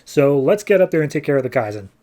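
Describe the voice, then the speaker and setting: A man's voice: on the high side, sing-song, fast, dark tone. A man playing an offhand scientist handler explaining himself, in a casual comic recap. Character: glib male scientist handler.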